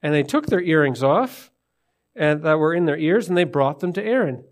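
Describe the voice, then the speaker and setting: A man's voice: fairly high pitch, lively intonation, moderate pace. A man preaching to his congregation, retelling a scripture story and asking listeners questions. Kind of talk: sermon.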